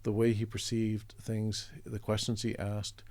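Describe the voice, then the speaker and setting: A middle-aged man from Canada, an artist guest telling a story in a chatty, relaxed way, acting out the voices of the people in it. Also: lowish voice, unhurried, dry recording. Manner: chatty, acts out quoted voices, chuckles often.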